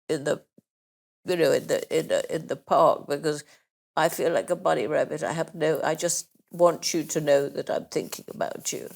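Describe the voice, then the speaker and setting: This older Englishwoman, a guest on an interview, has a low, creaky, slightly mellow voice. Emotional and near tears, she tells stories from her life and acts out the voices of the people she quotes.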